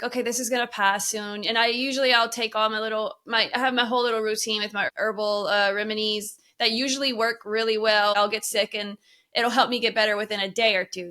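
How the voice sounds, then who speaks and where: A woman's voice: fairly high pitch, pushed and bright. A woman co-hosting a podcast, chatting casually and telling a personal story with frequent laughs. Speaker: podcast co-host. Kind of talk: casual chat.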